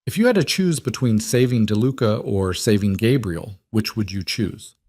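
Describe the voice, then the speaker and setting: A man's voice: on the low side, animated, darkish tone. A man voicing a cold, menacing crime boss. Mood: cold menace. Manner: measured, menacing.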